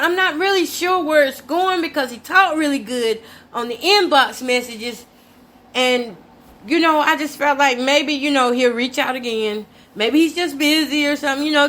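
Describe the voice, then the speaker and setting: A woman's voice: high-pitched, fairly bright tone. A middle-aged woman hosting a vlog, telling a personal story in a candid, chatty way, talking straight to her viewers and laughing between lines. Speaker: host.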